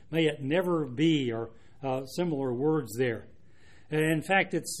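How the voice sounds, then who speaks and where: Man, preacher, expository sermon, earnest, measured, fairly high pitch. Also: darkish tone. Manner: earnest, measured, with frequent restarts and asides.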